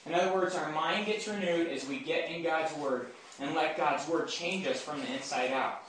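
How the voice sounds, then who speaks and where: A man's voice: on the high side, moderate pace, a bit bright, slight background noise. A man giving a conversational Bible talk to a campus group, often checking in with his listeners. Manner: informal, keeps checking in with listeners. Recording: very echoey room, mic far off.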